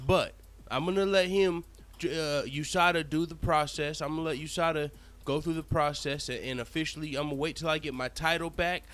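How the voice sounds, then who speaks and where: A man voicing a brash, boastful male fighter who gloats and curses in loud bursts. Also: fairly high pitch, steady tone, a little fast, natural voice. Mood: scheming.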